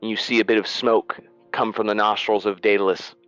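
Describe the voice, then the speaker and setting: A man's voice: on the low side, flat delivery, normal speed, a bit bright, clean tone, dry recording, dull audio, soft background music. A man narrating as game master of a tabletop game, in a casual, loose style with fillers.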